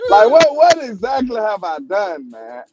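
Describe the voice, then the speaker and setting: A man's voice: high voice, wildly swooping pitch, measured pace, muffled recording, a crowd in the background. A man from Alabama with a Southern accent, hosting a casual chat and protesting his innocence in a playful, laughing way. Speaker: show host.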